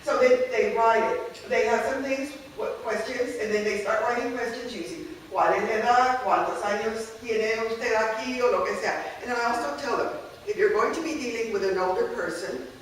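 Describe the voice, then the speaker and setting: In a workshop on classroom activities, a female language teacher talks conversationally and regularly checks in with the audience. She speaks at normal speed in a fairly high voice, recorded from afar in an echoey room with a faint hiss or hum.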